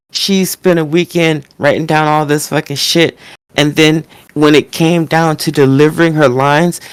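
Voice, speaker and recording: Woman, lowish voice, casual ranting podcast talk, swears a lot, dry close sound. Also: clean tone, dry recording. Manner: profane, ranting, mocking impressions. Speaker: podcast co-host.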